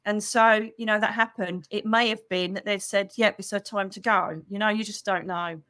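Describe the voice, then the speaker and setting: A woman's voice: medium pitch, normal speed, no room sound. Chatty woman telling a story. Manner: chatty, animated storytelling, acts out quoted voices, calls people darling. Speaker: psychic medium host. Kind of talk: livestream storytelling to members.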